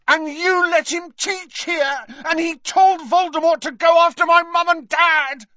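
A defiant teenage boy wizard, put on by a male audiobook reader, shouts his indignation in a raised, strained voice. The recording is dry and a little dull, with no room sound. Every line pushes against patience. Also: very high voice, steady tone, a little slow, dry recording, voice pushed up, heavily acted. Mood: furious shouting. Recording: dry, slightly muffled recording.

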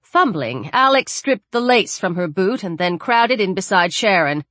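A woman reading a thriller audiobook aloud with expressive, varied delivery. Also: medium pitch, unhurried, dry recording. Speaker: audiobook narrator. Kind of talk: scripted audiobook narration.

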